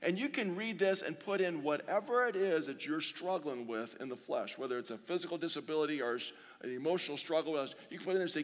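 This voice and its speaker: A man preaching a sermon as pastor, earnest, slowing down to read scripture and repeating pleading phrases. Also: a little high. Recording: long reverb of a large hall.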